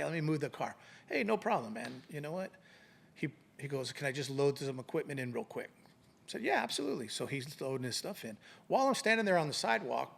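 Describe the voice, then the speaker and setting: A retired police sergeant, middle-aged, casually tells a story during an interview in a creaky, mid-range voice. He's animated, acting out the voices of the people in his anecdote.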